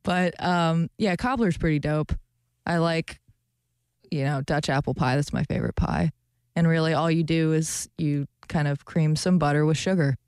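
A woman's voice: deep voice, fairly even intonation, normal speed, darkish tone, clean tone, no echo, studio quality. A young woman co-hosting a radio show, chatting casually and animatedly, often laughing. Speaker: radio co-host. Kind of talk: casual chat.

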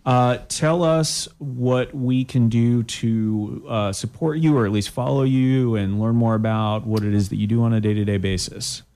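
A man hosting a college radio show, chatting casually and joking in a deadpan way with a guest in the studio. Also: mid-range voice, normal speed, few pauses.

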